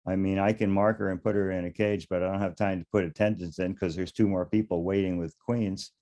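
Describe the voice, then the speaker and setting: An older man with a low, warm voice tells his stories as an interview guest. He rambles along, chuckles, and often restarts his sentences. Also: flat delivery, fairly quick. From United States. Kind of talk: casual storytelling interview.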